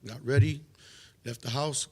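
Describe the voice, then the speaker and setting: Man, 50s, pastor; testimony storyteller, mid-pitched voice, hesitant but animated. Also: measured pace, breathy edge. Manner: animated, acts out dialogue, frequent hesitations.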